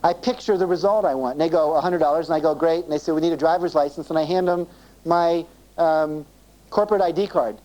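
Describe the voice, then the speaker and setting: A man speaks to a seminar audience in a mellow, warm voice, stopping often to check that they follow. He acts out both sides of everyday conversations. The sound comes from an old 1980s cassette tape. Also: fairly high pitch, fast talker, muffled recording. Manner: acts out dialogue in quoted voices, asks the audience questions. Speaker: self-esteem seminar speaker. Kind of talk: live seminar talk to an audience.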